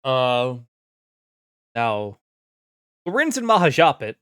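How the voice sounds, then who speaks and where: A game master narrating a tabletop session at an unhurried pace. The pitch moves a lot, with plenty of "um"s and casual swearing. The recording sounds dry and close. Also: very animated, a bit bright, clean tone, dry recording. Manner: rambling, profane, filler-heavy.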